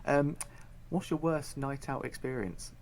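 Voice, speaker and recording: A man's voice: medium pitch, unhurried, darkish tone, slight background noise. A man hosting a casual podcast, asking questions and wrapping up with an upbeat, giggly sign-off. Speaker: podcast host.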